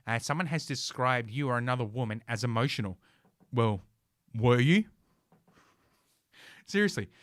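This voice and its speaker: A male podcast host reads an article aloud while ranting with scorn, sarcasm and heavy profanity. His voice is medium-pitched and a bit bright, recorded dry on a podcast mic with clean studio sound.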